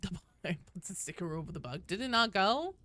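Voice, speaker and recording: A woman in her thirties streaming a game, chatting casually with viewers, joking and sometimes bursting into loud swearing. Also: medium pitch, expressive, fairly quick. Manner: chatty and jokey, breaks into loud swearing outbursts. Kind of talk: casual live-stream chat answering viewers.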